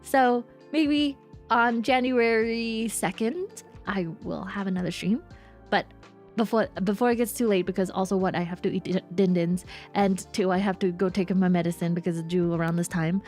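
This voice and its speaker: A woman's voice: medium pitch, normal speed, darkish tone. A woman VTuber chatting casually and playfully with her livestream audience. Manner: bubbly and playful, talks to chat. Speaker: VTuber streamer. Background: faint lo-fi hip hop music.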